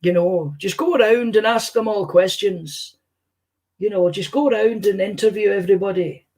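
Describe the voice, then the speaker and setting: A man's voice: high voice, normal speed, darkish tone, pitched above the performer's own voice. A man doing an impression of a famous older Scottish comedian, telling rambling, sweary anecdotes in a Scottish accent. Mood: musing. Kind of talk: stand-up impression, storytelling.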